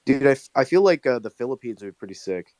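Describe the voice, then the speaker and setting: A man chatting on a live audio call, excitable and slangy, swearing casually. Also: medium pitch, quick pace, no echo. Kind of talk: casual chat.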